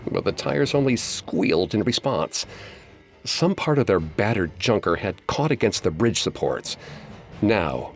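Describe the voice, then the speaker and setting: Deep-voiced man narrating a horror story. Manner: measured, suspenseful storytelling.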